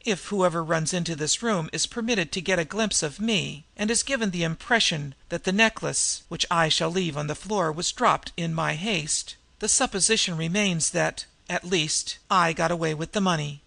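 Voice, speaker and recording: A cool, defiant young woman thief in a storybook reading, as a male narrator puts her on. She talks steadily and stays composed. The voice is bright with a gravelly edge. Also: on the high side, normal speed, hardly any pauses, no room sound.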